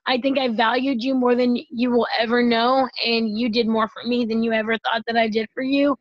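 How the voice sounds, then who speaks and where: A woman's voice: a little high, level tone, a little fast, no room sound. Effusive woman on dull, dry call audio. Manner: effusive, emotional, folksy. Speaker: team leader. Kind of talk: heartfelt tribute on a video call.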